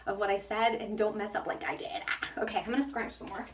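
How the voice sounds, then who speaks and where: A woman's voice: medium pitch, fairly even intonation, fast talker. A young woman chatting casually through a hair tutorial in a hot bathroom, out of breath from the heat, self-mocking and laughing often. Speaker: hair care vlogger. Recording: echoey bathroom, mic at a distance.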